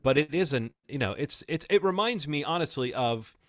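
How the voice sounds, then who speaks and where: A man's voice: a little high, lively intonation, moderate pace, fairly bright tone, no echo, clean studio sound. A man in his forties chatting thoughtfully as a podcast co-host reviewing a film, often restarting his sentences. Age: 40s. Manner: thoughtful, reflective, many restarts. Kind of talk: casual film review chat.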